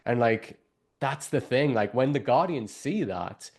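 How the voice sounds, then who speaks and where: A man's voice: mid-range voice, lively intonation, a little slow, gravelly, a little mellow. A man hosting a casual show review, rambling with lots of "like" and the odd swear word. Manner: rambling, heavy use of fillers and profanity. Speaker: podcast host.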